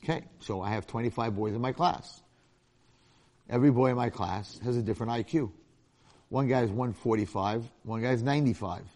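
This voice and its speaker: A middle-aged rabbi and longtime teacher gives an informal Torah lecture in a mid-range, slightly mellow voice, speaking a little fast. He tells stories with jokes, acting out the voices of the people in them.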